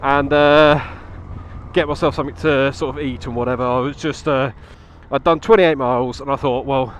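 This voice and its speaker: A man's voice: mid-range voice, fairly even intonation, moderate pace, a little hiss or hum. A man chatting casually into his helmet mic while riding a motorbike on country roads, laughing often and swearing now and then. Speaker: motovlogger.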